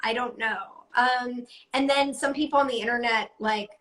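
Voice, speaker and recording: A woman's voice: a little high, fairly even intonation, moderate pace, pushed and bright. A woman in her thirties, a guest voice actor, talking in a rambling, self-deprecating way full of "like". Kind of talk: casual interview chat.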